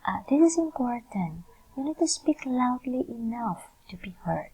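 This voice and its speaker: A woman's voice: fairly high pitch, big pitch swings, moderate pace, mellow, breathy edge, low-quality recording. A woman lecturer, explaining a lesson in a recorded screencast and often checking in with "yeah". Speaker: university lecturer.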